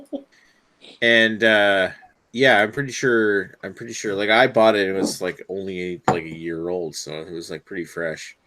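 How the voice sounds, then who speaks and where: A man with a fairly low voice talks about beer in a loose, boozy chat with friends. He rambles, hesitates over his words and swears now and then. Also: steady tone, moderate pace, sharp tone. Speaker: beer reviewer co-host. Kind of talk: casual drinking chat.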